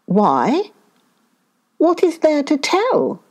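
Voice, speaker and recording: A clever male monkey, as a woman puts him on in a storybook tale. He is sly and exclamatory, feigning innocence with lively, swooping pitch. Every phrase comes out unhurried. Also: exaggerated voice. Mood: wary.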